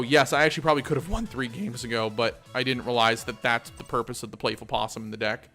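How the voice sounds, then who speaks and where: A man's voice: mid-range voice, expressive, fast, hardly any pauses, pushed and bright, faint music behind. A man hosting a gaming channel, chatting casually and thinking aloud as he plays. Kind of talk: casual let's-play commentary.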